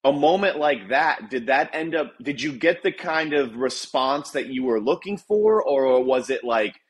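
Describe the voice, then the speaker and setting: A man's voice: medium pitch, expressive, measured pace. A man hosting a casual podcast, asking long rambling questions and encouraging his guest. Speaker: podcast host.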